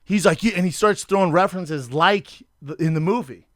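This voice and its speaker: A man in his thirties hosting a podcast, telling animated stories and acting out the quotes in a casual chat. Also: high voice, fairly quick, no echo, clean studio sound. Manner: animated storyteller, acts out quotes. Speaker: podcast host.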